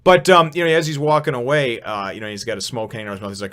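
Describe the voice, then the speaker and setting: Fast-talking man rambling through a review. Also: mid-range voice, sing-song, fairly bright tone. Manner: rambling, many fillers, frequent chuckles. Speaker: manga review host. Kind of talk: casual chapter review monologue.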